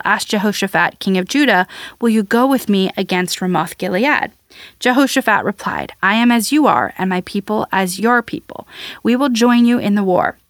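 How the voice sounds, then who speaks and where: Woman, scripture reader, measured delivery, mid-pitched, dry close-mic sound. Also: fairly bright tone, dry recording. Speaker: Bible reader. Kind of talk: scripture reading.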